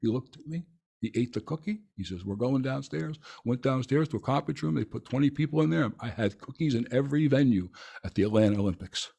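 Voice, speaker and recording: A man's voice: mid-range voice, lively intonation, quick pace, vocal fry, mellow, breathy edge. A man hosting a podcast, chatting casually and telling a long story with many restarts and fillers. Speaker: podcast host. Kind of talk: casual interview chat.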